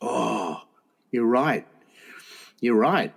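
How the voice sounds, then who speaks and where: A man co-hosting a crude comedy podcast, excitable, swearing often and laughing a lot. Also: medium pitch, extremely slow, vocal fry, husky. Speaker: podcast co-host.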